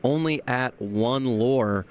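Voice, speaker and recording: Man, card game commentator, steady analytical play-by-play. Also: medium pitch, slow. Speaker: tournament commentator.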